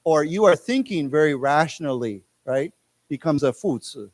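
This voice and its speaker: A man with an American accent teaching a live English class, chatting loosely with many restarts and saying words slowly for the class to repeat. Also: on the high side, lively intonation, no room sound. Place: lecture room.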